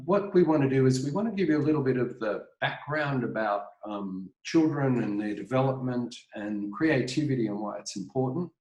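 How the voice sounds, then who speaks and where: A man's voice: medium pitch, a little mellow, roomy sound, poor audio. An Australian man presenting an art webinar from his home kitchen, rambling with many fillers and restarts. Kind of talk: casual online presentation.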